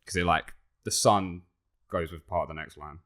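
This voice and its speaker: A man's voice: low voice, normal speed. A man in his twenties with an English accent, co-hosting a podcast and running a lyrics quiz in casual chat, laughing often. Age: 20s. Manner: laughs often, reads lyrics aloud flatly.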